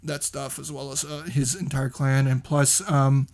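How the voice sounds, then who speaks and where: A man co-hosting a podcast, making his case in a measured, casual way with frequent hesitation fillers. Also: mid-range voice, little pitch movement, creaky. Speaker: podcast co-host.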